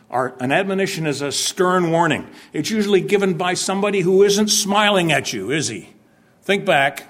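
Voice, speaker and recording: A man preaching a sermon in church. He asks the congregation questions and acts out stern warnings to drive his point home. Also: on the high side. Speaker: pastor.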